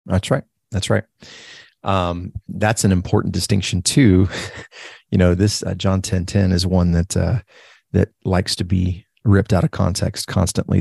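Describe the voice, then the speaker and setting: A man co-hosting a casual Bible study discussion, enthusiastic and animated, often repeating his agreement. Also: deep voice, vocal fry, husky, no room sound, clean studio sound.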